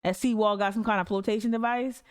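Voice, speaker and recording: Fired-up woman podcast host, smooth voice. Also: mid-range voice, fairly even intonation, fast talker. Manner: profane, fired-up ranting, reading articles aloud. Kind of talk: casual livestream commentary.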